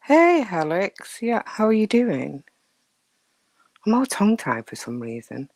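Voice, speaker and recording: A woman's voice: mid-range voice, big pitch swings, unhurried, a little mellow, no room sound. A woman hosting a casual live stream, chatting with viewers in a rambling way, often dropping to a near whisper, with a dry throat. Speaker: livestream host.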